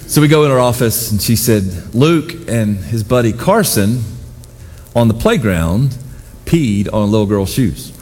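A middle-aged man preaching a sermon as pastor, telling personal stories with self-deprecating humor and animated voices for the people he quotes. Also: fairly low pitch, measured pace, big-room sound, slight background noise.

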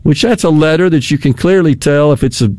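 A man's voice: on the high side, brisk, a little mellow, no echo. Rambling older Southern man, chuckling. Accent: Southern American. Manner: rambling, chuckles often, trails off mid-thought. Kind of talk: casual chat.

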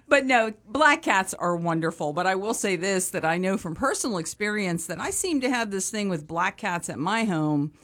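A talkative woman chatting on a morning radio show at a studio microphone. Her voice sits in a middle pitch, and she keeps things casual and light, laughing easily between stories. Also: animated, normal speed, few pauses, a bit bright. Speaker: radio guest from an animal shelter.

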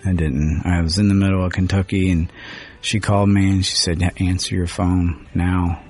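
A man in a radio interview, telling a painful story in a halting, rambling way full of fillers. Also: sits low, steady tone, darkish tone, soft background music. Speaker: guest singer-songwriter.

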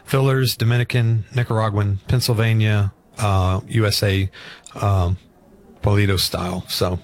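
A man's voice: lowish voice, level tone, measured pace. A man co-hosting a casual chat, reading tasting notes aloud in a playful way. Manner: playful, reads descriptions aloud. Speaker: podcast co-host.

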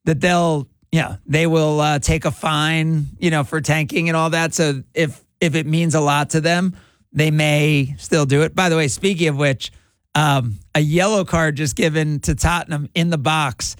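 A man hosting a casual sports podcast, relaxed and chatty as he gives live match updates and trades takes. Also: on the high side, normal speed, dry recording. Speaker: podcast host.

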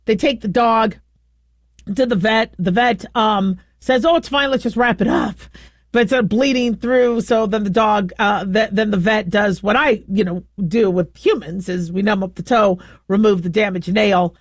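A middle-aged woman host telling a long, rambling story in a casual, animated way, often stopping to correct herself. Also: medium pitch, unhurried, no room sound. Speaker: show host.

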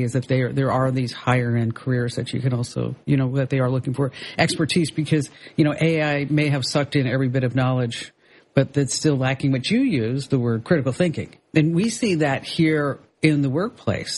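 A male radio host talking in a husky, slightly breathy voice. He rambles in a relaxed way, doubling back on his words and dropping in fillers as he chats into a studio mic. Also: medium pitch. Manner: relaxed and chatty, with frequent filler words and restarts. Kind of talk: casual radio chat.

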